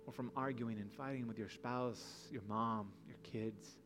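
A man's voice: medium pitch, fairly even intonation, measured pace, music in the background. A man preaching a sermon in an earnest, pleading way, full of rhetorical questions. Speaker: pastor.

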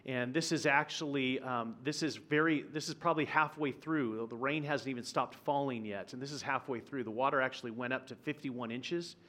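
A guest pastor telling a personal story in a sermon, conversational and vivid, acting out the quotes. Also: male voice, mid-range voice, fairly quick, hardly any pauses, pushed and bright. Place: church auditorium.

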